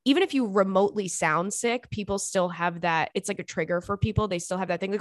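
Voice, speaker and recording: A woman's voice: medium pitch, fast, few pauses, no echo, studio quality. A young woman hosting a podcast, chatting casually and reading listener emails in a sassy, giggly way. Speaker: podcast host.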